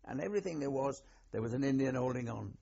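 An older man with a Welsh accent, a war veteran recalling his past in an oral history interview, telling it in a rambling, halting way with many restarts. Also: mid-range voice, expressive, creaky, warm tone, breathy edge, muffled recording.

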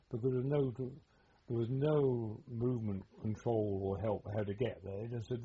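Old guy rambling through war memories, very dark husky voice, lots of pauses, dull lo-fi tape. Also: mid-range voice, fairly even intonation. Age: older. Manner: hesitant, rambling storytelling with many pauses. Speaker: war veteran interviewee. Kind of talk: oral history interview. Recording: dull lo-fi recording.

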